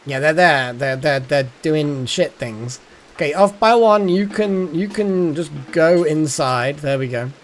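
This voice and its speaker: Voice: medium pitch, expressive, a little slow. A streamer giving live gameplay commentary, thinking aloud, muttering and swearing at the game.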